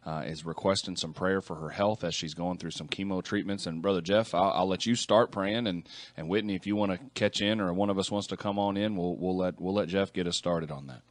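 A low-pitched man hosts a call-in radio show, easygoing and full of "uh"s and restarts. His voice sits close and dry in the studio. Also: brisk, hardly any pauses, no echo. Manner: relaxed, with many fillers and restarts, murmurs agreement. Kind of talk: casual radio talk.

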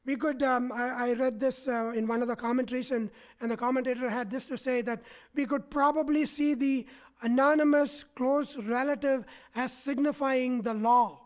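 A very high-pitched man preaches at a moderate pace, his intonation fairly even. Addressing his church congregation, he regularly asks "right?" to check that they're following.

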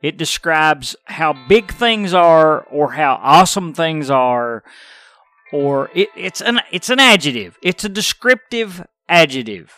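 A middle-aged man hosts a podcast and rants in an exasperated, profane way. His voice is bright and edgy, sitting a little high. Faint music plays behind him. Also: animated, unhurried. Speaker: podcast host. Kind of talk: casual ranting podcast talk.

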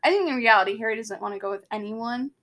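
A young woman with a high voice talks through a book in a casual, chatty way. She giggles often and leans on filler words as she recaps. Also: fast talker, fairly bright tone. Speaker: podcast co-host.

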